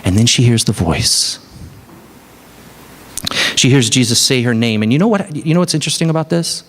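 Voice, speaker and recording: Earnest male pastor preaching with animated storytelling. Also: mid-range voice, moderate pace. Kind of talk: Easter sermon.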